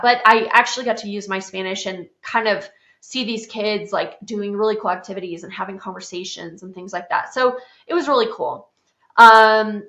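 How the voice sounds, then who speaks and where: Recorded with roomy, somewhat dull podcast audio, a South Dakota woman in her thirties shares a personal story as host of her show. Her mid-range voice is a bit bright, and she talks candidly and casually, saying "like" a lot and swearing now and then.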